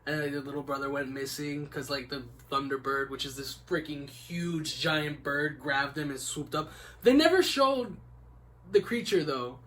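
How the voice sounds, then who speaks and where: A man's voice: medium pitch, little pitch movement, normal speed, few pauses, pushed and bright. A young man hosting a casual podcast, rambling laid-back with lots of "like" and "man.". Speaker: podcast host. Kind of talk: casual chat.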